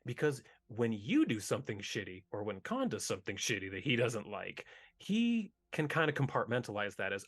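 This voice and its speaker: Husky man running a tabletop game. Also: on the low side, very animated, moderate pace. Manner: loose, descriptive, with restarts. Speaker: game master.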